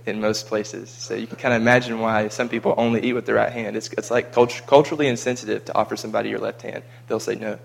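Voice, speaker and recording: Flat, gravelly man chatting. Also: fairly low pitch, fast, few pauses. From United States. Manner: chatty and rambling, with frequent repeated words. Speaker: vlogger recounting a mission trip. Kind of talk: casual chat.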